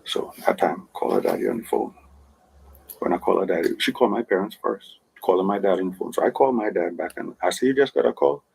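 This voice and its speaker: A Jamaican man with a low, gravelly, husky voice talks quickly and insistently. He keeps asking "right?" as he tells his side of a dispute. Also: sing-song, darkish tone, low-quality recording. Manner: insistent, repeats "right?" to seek agreement. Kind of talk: telling his side of a dispute in a played clip.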